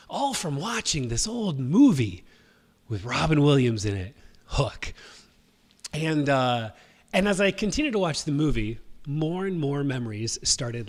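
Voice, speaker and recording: A man in his thirties hosting a livestream, telling a personal story in a rambling, casual way with many fillers and restarts. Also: mid-range voice. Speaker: host.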